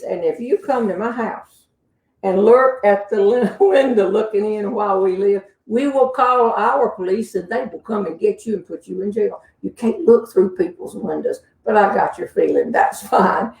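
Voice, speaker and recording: A woman's voice: medium pitch, a little mellow, echoey room, recorded from a distance, low-quality recording. A woman with a Southern US accent telling comic stories in a folksy, chatty way, full of asides and little laughs. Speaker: humorist answering audience questions. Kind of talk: casual comic storytelling.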